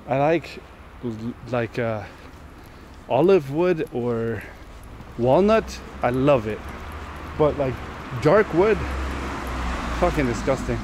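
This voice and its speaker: A man talks to his camera while he walks through town streets outdoors. His pitch sits in the middle range. He rambles and muses aloud, with loose asides and casual swearing, and faint street sounds are heard behind him. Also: expressive, slow, long pauses, darkish tone, slight background noise. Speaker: vlogger on a long walk. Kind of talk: casual walking vlog monologue.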